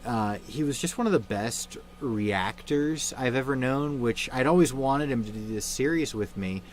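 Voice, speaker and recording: A man's voice: medium pitch, slight background noise. Subdued young man hosting a livestream. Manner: halting, subdued, many fillers and restarts. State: grieving, somber. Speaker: livestream host. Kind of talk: casual livestream chat.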